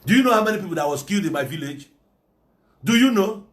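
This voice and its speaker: A man's voice: high-pitched, expressive, quick pace. A Nigerian man with an Igbo English accent giving a fiery, preachy monologue and slipping into Igbo phrases. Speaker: political commentator. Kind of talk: impassioned monologue.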